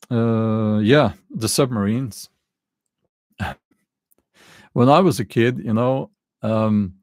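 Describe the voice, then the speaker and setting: Slow, gravelly man with a non-native accent. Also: on the low side, a little mellow, no room sound. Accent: non-native English. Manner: halting, hesitant, many fillers, chuckles often. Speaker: channel host answering live chat. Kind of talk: casual livestream chat.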